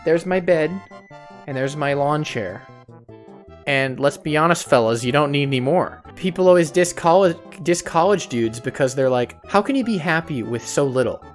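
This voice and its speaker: A man's voice: fairly high pitch, moderate pace, faint music behind. A man in his twenties, a streamer in his bedroom, telling a story in casual chat and laughing often. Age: 20s. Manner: giggly storytelling, laughs a lot.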